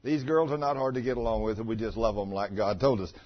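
A pastor, preaching and telling personal stories in a folksy, chatty way with stammering restarts. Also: male voice, fairly low pitch, fairly even intonation, fast talker. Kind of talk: sermon with personal storytelling. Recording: muffled lo-fi recording.

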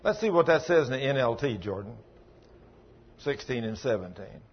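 A man's voice: medium pitch, big pitch swings, moderate pace, dull audio, slight background noise. A man preaching a sermon as pastor, telling folksy stories in a plain-spoken, emphatic way.

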